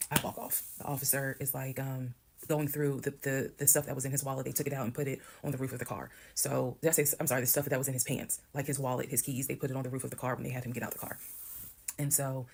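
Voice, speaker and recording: A woman calmly telling a detailed personal story, acting out what others said. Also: extremely low pitch, vocal fry, husky. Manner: calm, detailed, quoting others. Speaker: storyteller in a video.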